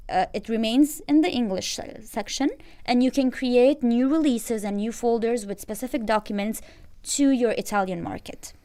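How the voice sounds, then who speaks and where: A woman giving a casual live software demo, chatty and playful, laughing often. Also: on the high side, clear, resonant tone. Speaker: product demo presenter.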